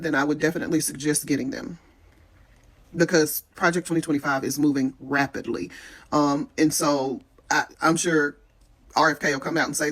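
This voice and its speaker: A woman talking casually to camera, giving practical tips in a frank, earnest way with many pauses. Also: low voice. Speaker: vlogger giving preparation tips.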